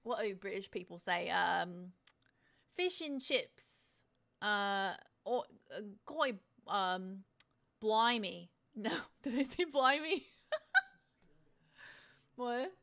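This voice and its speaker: A woman's voice: mid-range voice, takes it slowly, gravelly, a bit bright. A woman streaming on Twitch, chatting casually as she sets up, rambling, swearing freely and poking fun at herself.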